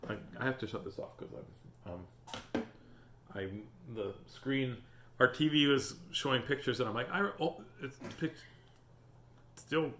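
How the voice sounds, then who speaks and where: A man's voice: mid-range voice, unhurried, long pauses, a little hiss or hum. A man hosting a storytime, reading a picture book aloud and chatting with viewers. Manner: animated, chatty, greets viewers. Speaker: storytime host. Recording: roomy echo.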